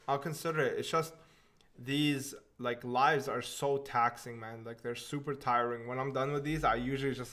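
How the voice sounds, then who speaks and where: A man's voice: mid-range voice, fairly bright tone. A young man hosting a live stream, reading out viewer questions and answering them in an offhand, casual way. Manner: laid-back and offhand, often says "man". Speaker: livestream host.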